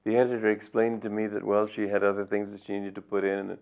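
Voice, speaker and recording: Older male teacher reading and commenting, low voice, phone-like lo-fi sound. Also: flat delivery, fast, clean tone. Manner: storytelling, reflective. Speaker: spiritual teacher. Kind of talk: reading and commenting on his book. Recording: tinny lo-fi recording.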